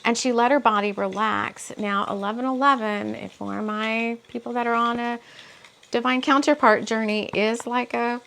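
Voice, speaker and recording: A woman's voice: on the high side, fairly even intonation, moderate pace, creaky, fairly bright tone. A woman who is an author doing an intuitive spiritual reading, thinking aloud with many asides while she reads from her book.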